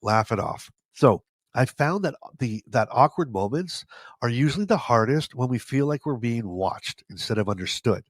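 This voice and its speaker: A man's voice: mid-range voice, expressive, moderate pace, no room sound. A man hosting a podcast, telling stories in a casual, joking, self-deprecating way with a stuffy nose. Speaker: podcast host. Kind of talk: casual storytelling monologue.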